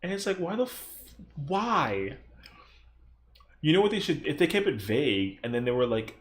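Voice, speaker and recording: An excitable young man chatting on his stream at an ordinary middle pitch, his voice leaping up and down as he tells stories. He rambles, swears freely and throws in exaggerated impressions of other people. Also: moderate pace. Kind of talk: casual stream chat.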